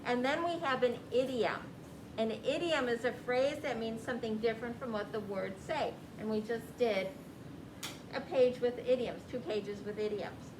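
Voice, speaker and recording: Guiding female teacher, slightly high voice. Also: moderate pace, background noise. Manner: guiding, questioning the class. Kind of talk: classroom reading lesson. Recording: echoey room with clear background ambience.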